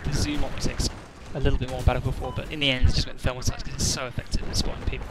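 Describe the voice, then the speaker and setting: A man's voice: mid-range voice, level tone, rapid-fire, loud music behind the voice, low-quality recording. A man giving rambling, sweary, self-mocking commentary over his own gameplay. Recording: loud game gunfire and explosions behind.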